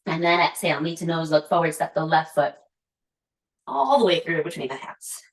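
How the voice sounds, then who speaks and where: A woman guiding a yoga flow, her voice on the lower side as she steadily calls out poses and breaths. She drifts into easygoing, laughing asides between cues. The sound carries the echo of a roomy space. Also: animated, moderate pace. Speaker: yoga instructor. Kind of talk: guided yoga class cueing. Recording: echoey room.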